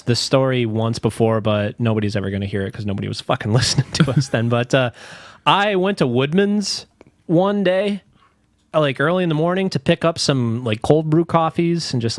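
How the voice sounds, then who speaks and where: A man's voice: mid-range voice, moderate pace, no room sound, studio quality. A man co-hosting a podcast, chatting loosely, laughing and swearing freely. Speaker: podcast co-host. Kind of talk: casual profane chat.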